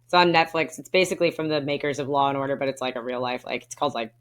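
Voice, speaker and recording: A woman's voice: extremely low pitch, racing. A woman co-hosting a podcast in casual chat, talking loosely with lots of fillers and laughing often. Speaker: podcast co-host.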